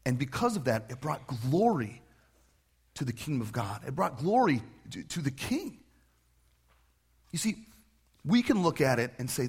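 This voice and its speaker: A man preaching a sermon in a conversational, animated way, full of questions. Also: on the high side, normal speed, pauses often, slightly rough. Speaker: pastor.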